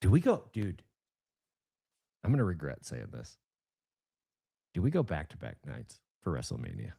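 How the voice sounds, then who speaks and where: A man in his thirties co-hosting a casual podcast, an animated storyteller who bursts into excited emphasis. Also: a bass voice, moderate pace, gravelly, breathy edge. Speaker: podcast co-host.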